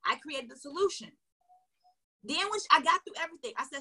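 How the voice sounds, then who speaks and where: A woman sales coach tells a story to her viewers in an animated way, acting out the dialogue and speaking to them directly. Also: sits high, brisk.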